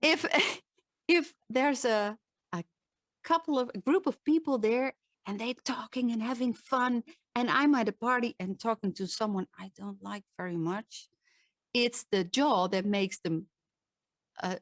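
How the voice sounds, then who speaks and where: A woman's voice: a little high, no room sound, studio quality. A woman, a voice and presentation coach, giving an earnest talk with demonstrations and frequent restarts. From Netherlands.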